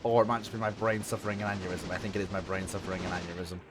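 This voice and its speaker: A man's voice: sits low, little pitch movement, very fast, faint music behind. A man hosting a casual gaming stream, trading jokey banter and dry self-mocking asides with a co-player.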